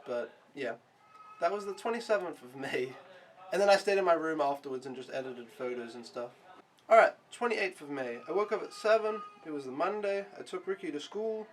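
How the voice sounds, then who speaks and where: Young male vlogger, slightly high voice, casual rambling recap full of swearing and fillers. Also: animated, fairly quick. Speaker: au pair vlogger.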